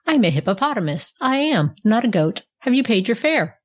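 A woman's voice: on the high side, big pitch swings, moderate pace, pitched above the performer's own voice. A woman doing a bossy, roaring hippopotamus. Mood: forceful. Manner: forceful, roaring. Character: big, bossy male hippopotamus. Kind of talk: storybook reading.

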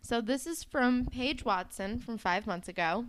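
A young woman co-hosting a podcast, reacting to a TV episode in casual chat with an expressive, venting manner. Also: on the high side, slight background noise. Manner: expressive, reactive, quick to swear and vent. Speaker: podcast co-host.

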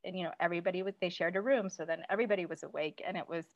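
A woman's voice: lowish voice, racing. A woman guest in a casual interview, giving practical advice with many "um"s and "you know"s. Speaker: parenting guest. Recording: dull lo-fi recording.

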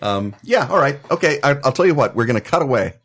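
A man's voice: mid-range voice, lively intonation, fast, a bit bright, husky. A man narrating as game master for a tabletop game, with many fillers. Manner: hesitant, lots of fillers.

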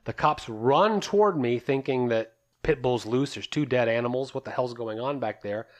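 A man's voice: mid-range voice, moderate pace. A man co-hosting a podcast who recounts events step by step in casual, matter-of-fact chat. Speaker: podcast co-host.

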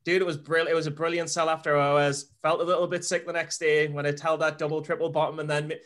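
A male co-host jokes around and asks quick questions in an animated, casual way. His voice sits fairly high. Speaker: podcast co-host. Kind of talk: casual chat.

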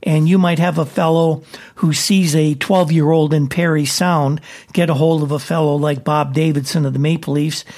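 A man delivering a sports news report in a brisk, matter-of-fact way, with the odd "uh". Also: fairly high pitch, flat delivery, a little mellow.

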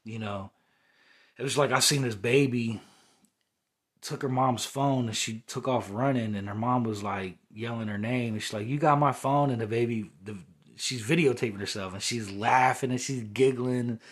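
A young man with a husky, breathy voice pours out a personal spiritual monologue. He rambles and repeats himself, and his pitch sits in an ordinary middle range. He often checks in with "you know what I'm saying". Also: fairly even intonation, moderate pace. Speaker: podcast host.

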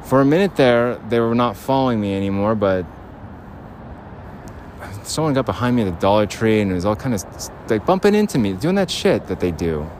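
Rambling low-voiced man walking outdoors. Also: very animated, brisk, a little mellow. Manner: rambling, restless, laughs often. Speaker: podcast host. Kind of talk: rambling audio diary while walking. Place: outdoors in a city park. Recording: faint outdoor street noise.

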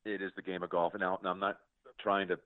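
A sportscaster guest telling stories in an earnest, reflective way during a casual interview. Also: male voice, deep voice, little pitch movement, fast talker, no echo. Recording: tinny phone-like line, dry.

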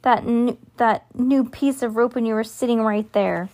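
A woman reading aloud, voicing a sharp, skeptical young girl. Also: fairly high pitch, normal speed, pitched above the performer's own voice, lightly acted.

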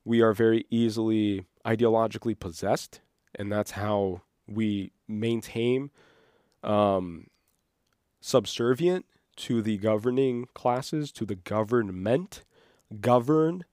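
Male solo podcast host, mellow low voice, rambling excitable delivery, dry close sound. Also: takes it slowly, smooth, no echo. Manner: rambling, excitable, loses his train of thought. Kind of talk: unscripted solo monologue.

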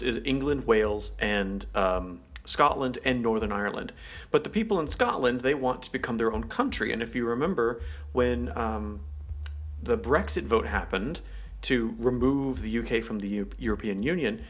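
A man co-hosts a relaxed conversation. He explains things in a chatty, meandering way, leaning on fillers like "like" and "um.". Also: medium pitch, breathy edge. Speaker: co-host. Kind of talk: casual chat explaining culture.

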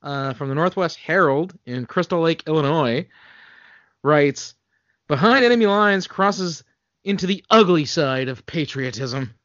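Lively wry man reading reviews. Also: fairly high pitch, measured pace, no room sound, dull audio. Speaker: podcast co-host. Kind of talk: casual chat, reading reviews aloud.

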